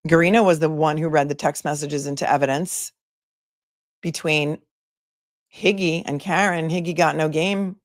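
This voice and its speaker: A woman's voice: sits low, fairly even intonation, moderate pace, pauses often, no room sound, studio quality. A woman attorney hosting a live commentary stream, chatting casually and sarcastically while reading viewer comments aloud.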